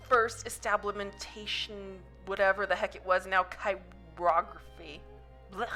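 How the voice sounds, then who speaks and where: A young woman talks through a story game in a chatty, puzzled way, reading its lines aloud. Her voice is bright and clear. Faint game music plays behind her. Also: medium pitch, steady tone, takes it slowly. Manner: confused, chatty, reads game text aloud. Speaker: game streamer. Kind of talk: casual gameplay commentary.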